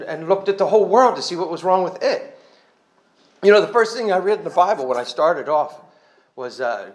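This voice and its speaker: A man with a fairly high-pitched voice gives a personal testimony to a church congregation. He's earnest and conversational, pokes fun at himself, and rambles as he restarts his sentences.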